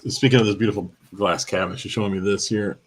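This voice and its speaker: A man co-hosting a casual gaming podcast, relaxed and laughing often. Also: on the low side, fast, a little hiss or hum. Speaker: podcast co-host. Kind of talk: casual chat.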